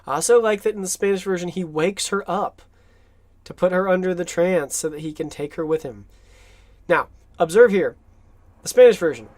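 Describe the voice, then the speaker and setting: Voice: mid-range voice, lively intonation, moderate pace, a little mellow, no room sound. A film commentator talking casually and enthusiastically over movie clips, chatty and often laughing.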